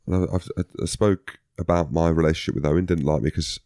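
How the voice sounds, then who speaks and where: A man co-hosting a podcast, telling stories in a cheeky, deadpan way. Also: extremely low pitch, fast, no echo, studio quality. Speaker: podcast co-host, former rugby player. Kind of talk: casual chat.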